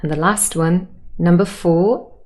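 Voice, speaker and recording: A woman's voice: fairly low pitch, steady tone, unhurried, a little mellow. A woman teaching sentence stress in a patient, explanatory way with light humor. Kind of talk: explanatory lesson.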